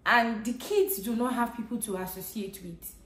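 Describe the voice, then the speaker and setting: A woman's voice: on the high side, moderate pace, fairly bright tone. A Nigerian woman with a Nigerian English accent, telling a personal story to camera in an earnest, conversational way. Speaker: vlogger. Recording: echoey room.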